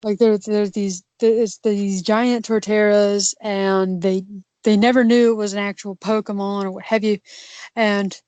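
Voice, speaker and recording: Woman co-host, casual and halting, mid-pitched, dry close sound. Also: flat delivery, a little mellow, no echo. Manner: halting, many fillers and restarts. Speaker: podcast co-host. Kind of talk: casual podcast chat.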